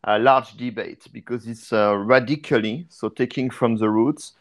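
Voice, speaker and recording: A man, a guest speaking in a casual podcast interview over a video call, pausing often with filler sounds as he explains. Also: medium pitch, fairly even intonation. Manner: hesitant, with frequent "uh" fillers. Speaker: guest, degrowth activist and researcher.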